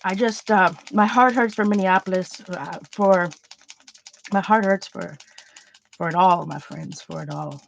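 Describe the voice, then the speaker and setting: A woman's voice: fairly low pitch, unhurried, gravelly, slight background noise. A woman hosting a casual livestream from home, talking in an earnest, rambling, chatty way. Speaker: art channel host. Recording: dull lo-fi sound.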